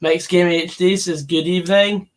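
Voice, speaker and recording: A man's voice: high voice, fairly even intonation, normal speed, a little hiss or hum. A man hosting a live football stream, chatting casually with co-hosts and reading out viewer comments, with plenty of fillers.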